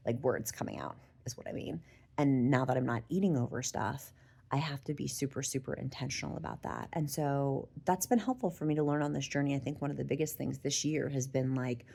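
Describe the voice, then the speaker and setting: A woman's voice: a bass voice, vocal fry, mellow. A middle-aged woman vlogger talking casually and candidly to her viewers, chatty and emotional. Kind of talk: casual talk to camera.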